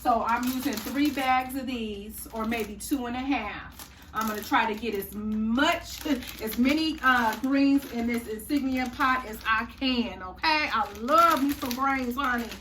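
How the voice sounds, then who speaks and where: A woman's voice: on the high side, measured pace, roomy sound. Chatty woman cooking, distant mic. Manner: chatty, folksy, says y'all and honey. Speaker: cooking channel host. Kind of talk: casual cooking tutorial. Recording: distant mic, faint room noise.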